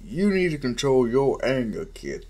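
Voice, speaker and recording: A man's voice: medium pitch, big pitch swings, measured pace, a little mellow. A man voicing a stern older male superhero mentor in a fan story, scolding and blunt.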